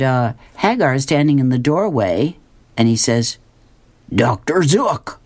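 A woman's voice: a bass voice, a little mellow. A woman radio host reading comic strips aloud, chuckling as she goes.

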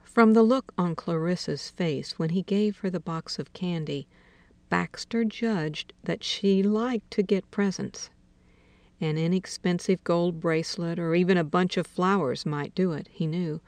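A woman reading a literary short story aloud in a slow, measured way, dropping to a hush for quiet dialogue. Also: lowish voice, dry recording. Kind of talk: audiobook narration of literary fiction.

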